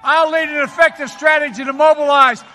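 Man doing a high bright mumbling old politician, garbled words, faint noise. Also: steady tone, a little fast. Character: impression of an elderly male politician, mumbling and garbled.

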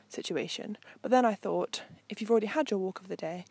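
A young woman talks her listeners through an outdoor coastal walk, her voice soft and breathy. She rambles in a friendly, meandering way, filling pauses with ums, at an ordinary mid pitch. It sounds like a portable mic carried along as she strolls. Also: no echo. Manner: chatty, meandering, with frequent ums. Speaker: host. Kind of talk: casual narration while walking.

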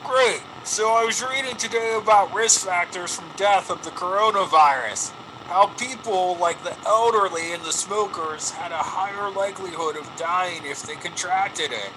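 A man's voice: high-pitched, moderate pace, sharp tone, slight background noise, poor audio. Man playing a needling radio caller. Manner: mock-innocent needling. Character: snarky male radio caller.

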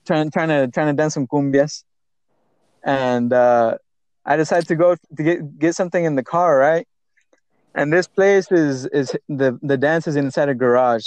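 A man's voice: a little high, a little mellow, clear, resonant tone, dry recording. A young man on a podcast, telling a story casually with many restarts. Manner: halting, rambling, many restarts. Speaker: podcast co-host. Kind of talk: casual chat. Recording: dull, dry sound.

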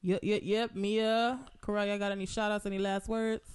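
A man hosts a podcast, his high-pitched voice clear and smooth. He laughs easily and keeps it upbeat and casual. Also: level tone, normal speed. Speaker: podcast host. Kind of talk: casual chat.

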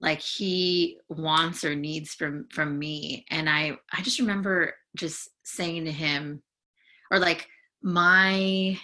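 A woman from the San Francisco Bay Area, a podcast guest speaking candidly in a halting, emotional way with frequent restarts. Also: sits low, steady tone, pushed and bright. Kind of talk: candid conversational sharing.

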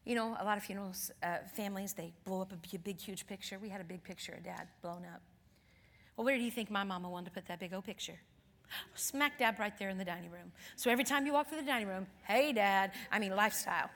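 Middle-aged woman guest minister, bright and fairly high, storytelling sermon with wide soft-to-loud swings, long hall reverb. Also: fast talker. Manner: storytelling, swings from soft near-whispers to loud excited outbursts. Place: church.

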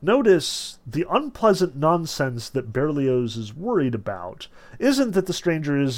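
A man teaching a novel in a casual, conversational lecture, animated and full of fillers. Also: fairly high pitch. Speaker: literature teacher.

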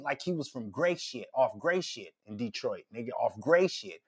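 Middle-aged male podcast host, middle pitch, loud profane ranter. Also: expressive, moderate pace, few pauses, breathy edge. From Minnesota. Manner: profane, heated, loud rants. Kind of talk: casual ranting commentary.

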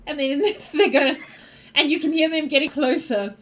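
A woman's voice: sits high, moderate pace, fairly bright tone. A woman narrating as game master in a tabletop game, loose and giggly, rambling through descriptions.

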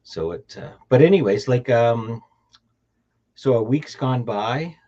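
A man's voice: mid-range voice, expressive, slow pace, warm tone. Rambling Canadian man hosting a podcast. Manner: rambling, many restarts, laughs easily. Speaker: podcast host. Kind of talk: casual chat. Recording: dull lo-fi audio.

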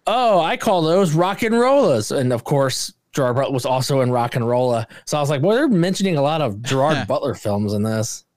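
A man's voice: medium pitch, no room sound, studio quality. A man co-hosting a movie podcast, chatting casually and ranting with frequent swearing. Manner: animated, swears a lot, rants with raised voice. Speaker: podcast co-host. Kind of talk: casual movie review chat.

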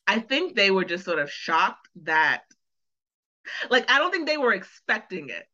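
A woman co-hosting a casual podcast that reviews a TV episode, talking in an animated way and acting out characters' lines. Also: mid-range voice, a little slow. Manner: animated, acts out characters' lines, laughs often. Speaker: podcast co-host. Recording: dull lo-fi sound.

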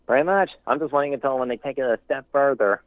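A man's voice: medium pitch, quick pace, dry recording. A male caller rambles through his opinions with false starts and emphatic warnings. He comes through a thin, phone-like line with no room sound at all. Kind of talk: casual call-in commentary.

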